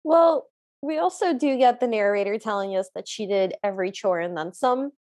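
A woman's voice: mid-range voice, normal speed. A woman co-hosting a podcast, chatting casually as she recaps a film and acts out the characters' lines. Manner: animated storyteller, acts out quoted lines. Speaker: podcast co-host.

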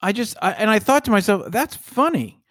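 A man's voice: high voice, quick pace, a bit bright, no room sound, clean studio sound. A man co-hosting a podcast in casual chat, playful and wry, musing aloud about words. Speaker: podcast co-host.

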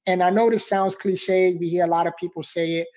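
A man's voice: sits high, steady tone, a little fast, darkish tone. A man speaking as a podcast guest, fervent and motivational, repeating phrases and calling the host bro and man.

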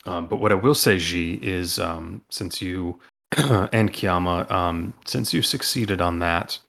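A man's voice: low-pitched, takes it slowly, creaky, a bit bright. A man running a tabletop role-playing game as game master, rambling with many ums and restarts.

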